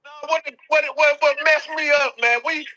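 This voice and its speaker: Bright high-voiced man, slangy and profane. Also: steady tone, moderate pace, poor audio. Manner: slangy, profane, repeats phrases. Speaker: guest. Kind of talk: casual live-stream chat.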